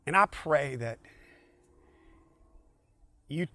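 A man's voice: a little high, lively intonation, extremely slow, bright, forceful tone, no echo. Earnest man preaching a streamed sermon. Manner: earnest, repeats key phrases, restarts often. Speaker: pastor.

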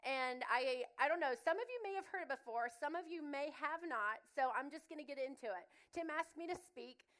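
A middle-aged woman with a Southern accent gives a sermon like a friend telling stories. Her voice sits a little high, and she moves easily between jokes about family life and Bible teaching. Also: brisk, few pauses. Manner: chatty, humorous, expressive storytelling. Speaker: guest speaker.

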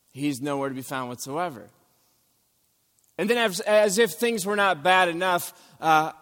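Animated male preacher in a reverberant hall. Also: a little high. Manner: animated storytelling, acting out scenes with sudden loud outbursts. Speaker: pastor. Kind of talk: sermon.

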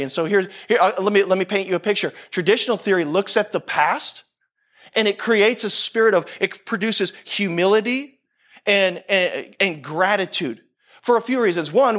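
A man's voice: sits high, a bit bright. A man preaching a sermon to a congregation in a conversational way, often repeating phrases for emphasis. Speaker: pastor.

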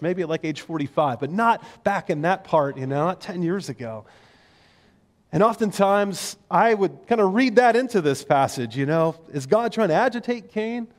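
A middle-aged man with a high-pitched voice preaches a sermon in a church. He talks in an animated way and now and then acts out the voices he quotes. His voice rings with the long reverb of a large hall. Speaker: pastor. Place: church sanctuary.

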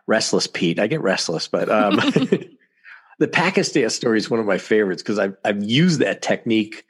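A man's voice: lowish voice, normal speed, husky. A man, a guest on a talk show, telling anecdotes casually and chuckling often. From United States. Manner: animated, laughs often while telling anecdotes. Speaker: podcast guest. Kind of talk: casual storytelling.

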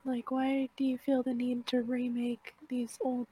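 A woman's voice: sits high, monotone, measured pace, dark tone, husky, poor audio. A woman co-hosting a casual book-club podcast over an online voice call, chatty and full of "like". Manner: chatty, uses "like" often. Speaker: podcast co-host.

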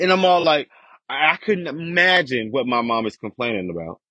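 A man's voice: sits high, expressive, moderate pace, fairly bright tone, slightly rough, no echo. A young man ranting with frustration and heavy profanity in a casual podcast monologue about his family. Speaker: podcast host. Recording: dull lo-fi dry recording.

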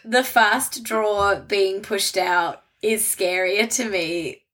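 A woman listening in casual chat, reacting with gasps, laughs and quick comments. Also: medium pitch, fairly even intonation, fairly bright tone.

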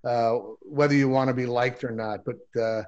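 A man hosts a podcast interview and prods his guest with teasing, needling questions. His voice is mid-pitched, and the recording sounds dull and lo-fi. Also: fairly even intonation, moderate pace, darkish tone, smooth. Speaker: podcast host. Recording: muffled lo-fi audio.

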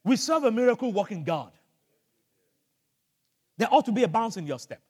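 An older man from Nigeria preaching a sermon as pastor, telling a story with animated energy and bursts of shouting. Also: high-pitched, moderate pace, slightly rough, in a large hall. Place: church hall.

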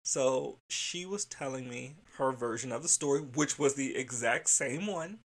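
A man who directs childcare centers, telling a workplace story in a candid, animated way, swearing freely and laughing. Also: mid-range voice, a little slow. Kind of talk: casual storytelling monologue.

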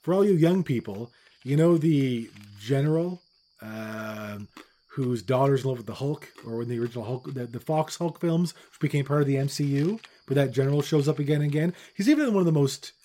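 Blunt, profane man with a dark voice. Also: medium pitch, expressive, fairly quick. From Newfoundland, Canada. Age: middle-aged. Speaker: podcast co-host. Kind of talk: casual chat.

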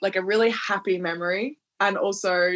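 A woman's voice: mid-range voice, fairly even intonation, moderate pace, fairly bright tone, slight background noise. Enthusiastic woman podcast host. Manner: enthusiastic, supportive reactions. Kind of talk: casual interview chat.

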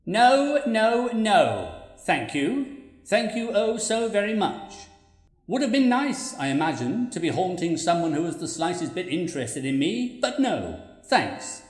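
A woman's voice: on the low side, very animated, unhurried, a little mellow, reverberant, faint music behind. A woman voicing a sardonic, nosy female ghost who haunts a writer, teasing and needling him. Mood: sulky.

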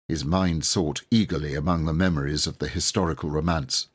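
Deep, husky male audiobook narrator. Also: normal speed, hardly any pauses. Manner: expressive, lively reading. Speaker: audiobook reader. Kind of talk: storybook narration.

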